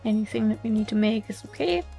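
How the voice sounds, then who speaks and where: A woman's voice: mid-range voice, expressive, fast, creaky, mellow, soft background music. A woman with a slight German accent, thinking aloud as she hosts a casual gameplay commentary, musing and hesitant. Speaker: let's play host.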